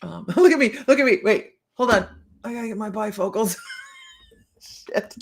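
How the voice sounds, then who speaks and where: Gravelly, laughing woman in her fifties. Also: mid-range voice, normal speed, pauses often, a little hiss or hum. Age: 50s. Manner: laughs often, playful, talks straight to viewers. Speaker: psychic reader hosting a live stream. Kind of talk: casual live-stream chat with viewers.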